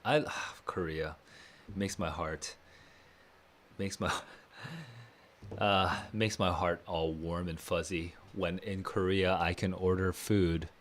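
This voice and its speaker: A man chatting casually on a live stream, answering viewer questions at home. He sounds low on energy and talks in a laid-back, rambling way, with plenty of fillers. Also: a little slow.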